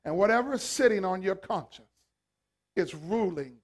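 A man preaching a sermon as a pastor, swinging from hushed lines to shouted ones. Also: high voice, animated, normal speed.

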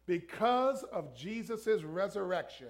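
High-voiced man preaching a sermon. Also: very animated, slow. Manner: emphatic, urging the congregation to repeat lines. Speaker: pastor. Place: church.

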